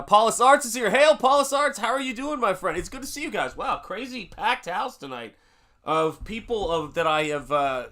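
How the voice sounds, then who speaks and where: Hosting a live painting stream, an upbeat American man reads out names from the chat with frequent fillers. His voice is on the high side, bright and forceful.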